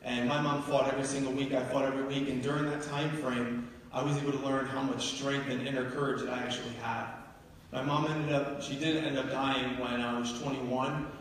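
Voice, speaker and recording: A man's voice: medium pitch, flat delivery, fairly quick, a little hiss or hum. Man giving a keynote in an echoey hall. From New Jersey. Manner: emphatic storytelling, building to urgent peaks. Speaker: keynote speaker. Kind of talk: motivational keynote speech. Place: large university hall with live audience. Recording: echoey hall, heard from far off.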